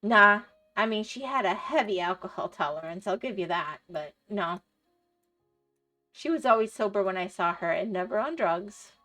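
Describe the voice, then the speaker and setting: A woman's voice: medium pitch, expressive, normal speed, sharp tone, soft background music. A middle-aged woman livestreaming, chatting casually and rambling through stories, laughing often and answering her chat. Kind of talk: casual chat while gaming.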